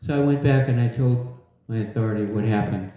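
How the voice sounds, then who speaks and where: This older man has a lowish voice and talks fairly quickly while giving a devotional talk in a large hall before a live audience. Humorous and lively, he tells stories and draws the crowd into call-and-response; the hall recording is dull and heavily echoed.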